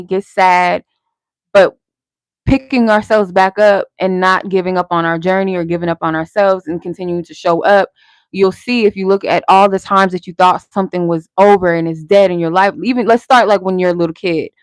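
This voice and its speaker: A woman's voice: fairly low pitch, smooth, no echo. A woman hosting a live tarot stream, giving casual spiritual guidance in a candid, encouraging way with some swearing. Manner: candid, conversational, salted with swearing; encouraging, motivational.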